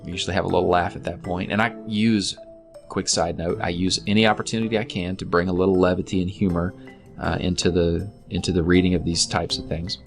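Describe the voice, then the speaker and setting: A man's voice: low-pitched, fairly even intonation, quick pace, gravelly, faint music behind. A man reading a real estate form aloud clause by clause, breaking in with light jokes and side notes. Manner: reads clauses aloud, then jokes and asides. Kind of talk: casual explainer reading a document aloud.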